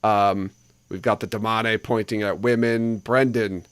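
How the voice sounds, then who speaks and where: A man with a smooth, resonant voice guides a casual podcast discussion, moving between topics and asking the others for their thoughts. The recording is dry and close. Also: fairly low pitch, fairly even intonation, measured pace, dry recording. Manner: moderating, asks guests questions. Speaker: podcast co-host steering discussion. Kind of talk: casual chat.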